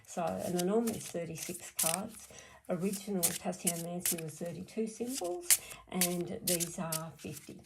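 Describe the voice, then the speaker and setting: A woman's voice: on the low side, animated, moderate pace, very noisy. A middle-aged Australian woman giving a chatty, blunt card reading on a live stream, answering viewers by name. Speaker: card reader.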